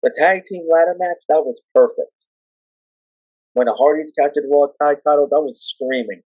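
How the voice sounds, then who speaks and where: A man talking with excitement on a podcast, telling wrestling stories and now and then breaking into shrill shouting. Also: normal speed, no room sound, rough recording. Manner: excitable, jumps into shrill shouting when retelling. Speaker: podcast guest. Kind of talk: casual chat.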